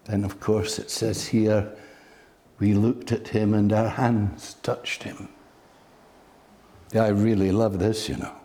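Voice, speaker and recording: A man preaching a sermon slowly, building to loud, emphatic peaks. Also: fairly low pitch, level tone.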